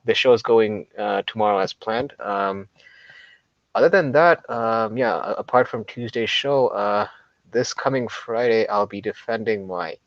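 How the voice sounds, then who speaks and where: A man's voice: fairly low pitch, a little slow, no echo. A man co-hosting a casual live-stream chat, nasal and congested from allergies, joking about it. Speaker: co-host. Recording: dull, dry sound.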